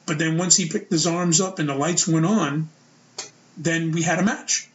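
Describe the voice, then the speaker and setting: A man's voice: on the high side, steady tone, normal speed, dull audio. A man hosting a solo opinion podcast, talking casually and rambling with lots of filler words. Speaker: podcast host.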